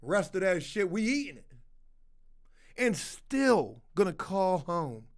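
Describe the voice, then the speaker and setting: Casual male streamer, high voice, profane rambling chat-reading commentary. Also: big pitch swings, slow. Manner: rambling, swears a lot, slips into put-on voices.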